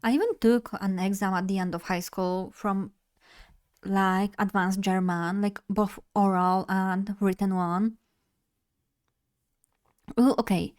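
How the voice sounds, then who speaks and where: On her stream, a young Polish-speaking woman chats in a medium-pitched, somewhat mellow voice with fairly even intonation. She rambles a little and laughs at herself frequently.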